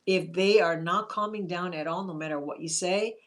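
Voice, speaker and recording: A woman therapist giving advice in a chatty live stream, greeting viewers by name and acting out calm sample replies. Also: on the low side, moderate pace.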